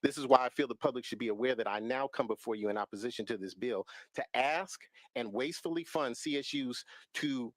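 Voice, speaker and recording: A man, a professional genealogist, testifying at a legislative hearing in a measured, firm way from prepared remarks at a public microphone. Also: medium pitch, no echo, rough recording. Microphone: standing public microphone.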